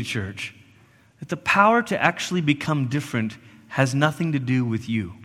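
A man's voice: a little high, bright, forceful tone. A man preaching a sermon in a church, emphatic and repetitive, sometimes dropping to a near whisper for stress. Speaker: pastor. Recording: long church reverb.

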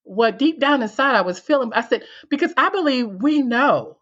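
A woman's voice: high voice, animated, normal speed, a bit bright, dull audio. A woman guest telling her personal story in an interview. She acts out her own past lines and laughs as she tells it. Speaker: guest, coach and speaker.

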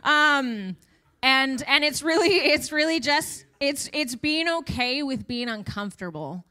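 A woman's voice: high voice, expressive, unhurried, pushed and bright. A woman in her thirties giving a casual, chatty testimony at church, with self-deprecating asides. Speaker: church speaker sharing testimony.

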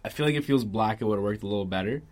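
A man's voice: lowish voice, rapid-fire, a little mellow. A young man co-hosting a casual sports podcast, dropping dry, wry remarks. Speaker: podcast co-host. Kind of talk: casual chat.

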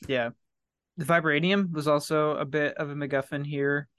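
A man's voice: a little high, fairly even intonation, moderate pace, a bit bright, smooth, no echo. Laughing, rambling man, dry sound. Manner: laughs often, loose and rambling. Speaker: podcast guest. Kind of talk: casual chat.

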